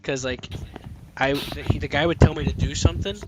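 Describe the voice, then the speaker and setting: A man's voice: on the high side, steady tone, a little fast, a loud crowd, poor audio. A young man in casual voice chat, telling a profane, exasperated story about a teammate in a game. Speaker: gamer. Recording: loud background noise.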